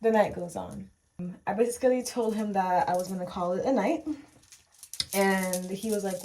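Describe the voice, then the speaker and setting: A woman's voice: medium pitch, moderate pace, warm tone, slight background noise. A young woman telling a story on her vlog in a chatty, emphatic and sassy way. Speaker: vlogger.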